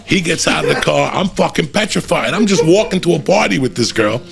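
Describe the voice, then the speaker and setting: A middle-aged man with a very gravelly, rough voice spins a profane, animated story and jumps into the voices of the people he talks about. Faint music plays in the background. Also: a little high, a little fast. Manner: profane, animated, acts out voices in his stories. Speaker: comedian storyteller. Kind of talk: casual storytelling.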